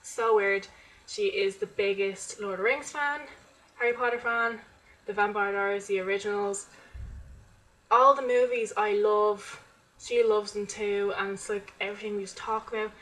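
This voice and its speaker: A woman's voice: medium pitch, fairly even intonation, normal speed, fairly bright tone, poor audio. Chatty young woman vlogging. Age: young adult. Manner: chatty, rambling, full of "like" fillers. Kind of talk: casual chat to camera. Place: at home.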